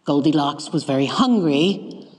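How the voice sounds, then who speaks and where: Woman lecturer, wry deadpan delivery, lively pitch, echoey hall. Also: measured pace, noisy background. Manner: dry, ironic, deadpan asides. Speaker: guest lecturer. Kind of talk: public lecture, retelling a tale.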